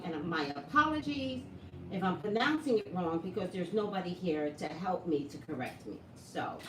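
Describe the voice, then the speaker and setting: A woman's voice: fairly low pitch, far from the mic. A woman talking casually to her viewers as a psychic vlogger, chatty and full of questions to the audience. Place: home room with an open door. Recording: echoey room, voice from off-mic, noisy background.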